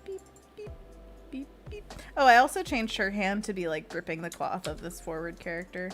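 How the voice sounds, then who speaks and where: A woman's voice: lowish voice, lively intonation, a little fast, fairly bright tone, soft background music. A woman hosting a casual livestream as a freelance illustrator, reading viewer comments aloud in a chatty, playful way and laughing often.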